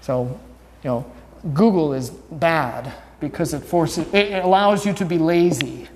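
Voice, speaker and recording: A man's voice: fairly high pitch, measured pace, a little mellow, a little hiss or hum. A man, a pastor, giving a conversational teaching sermon, quizzing his congregation with an informal, wry manner. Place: church sanctuary. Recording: long church reverb.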